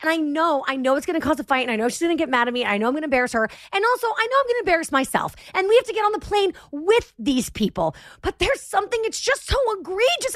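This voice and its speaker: High, lively woman ranting on a podcast. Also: dry recording, clean studio sound. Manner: profane, animated, self-mocking. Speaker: podcast host. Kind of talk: comedic storytelling rant.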